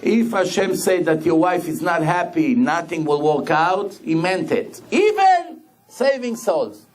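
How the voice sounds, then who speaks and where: A rabbi preaching a sermon, telling stories in an animated way and repeating phrases for emphasis. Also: male voice, on the high side, unhurried. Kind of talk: sermon with storytelling.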